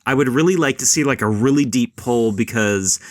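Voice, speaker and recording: A man's voice: mid-range voice, fairly quick, no room sound, studio quality. Rambling, swearing podcast host man. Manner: rambling, swears a lot, mimics voices. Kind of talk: casual chat.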